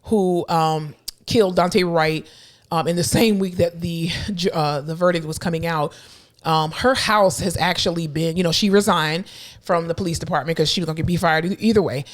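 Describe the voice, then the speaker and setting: A woman's voice: fairly low pitch, normal speed. A young adult woman co-hosting a podcast, telling stories bluntly and acting out quotes in casual chat. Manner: blunt, animated storytelling with voiced quotes. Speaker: podcast co-host.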